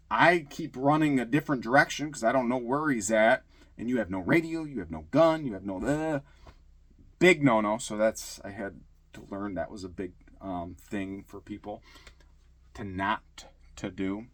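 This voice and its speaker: A middle-aged former police officer from Michigan telling casual stories, acting out quotes with a raised voice. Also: male voice, on the low side, moderate pace, no room sound. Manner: animated, acts out shouted quotes in a raised voice. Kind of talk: casual storytelling.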